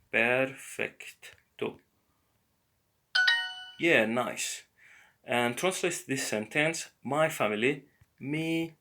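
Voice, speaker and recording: Man, teacher, gravelly voice, slow patient explaining, beginner lesson. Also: medium pitch, bright, forceful tone. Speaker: language teacher.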